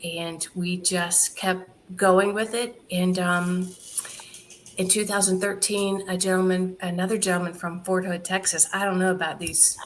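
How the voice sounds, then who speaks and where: A woman with a somewhat low voice tells a story in an interview. She is animated and laughs easily, and she often slips into quoting other people. Faint noise sits behind her voice. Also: unhurried. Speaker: charity founder guest.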